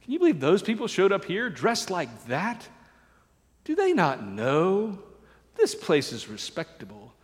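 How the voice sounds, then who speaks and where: A man's voice: high voice, wildly swooping pitch, a little slow, heavily acted. A man voicing a disdainful, grumbling religious man, scornful and sneering, in a reverberant church hall.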